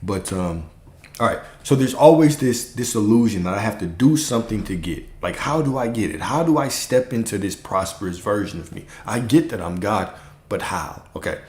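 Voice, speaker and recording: Noticeable room echo hangs on the fairly low voice of this spiritual coach as he speaks on a livestream. His style is easygoing and repetitive. Rhetorical questions come up often, along with a brief "okay?" to check in with listeners.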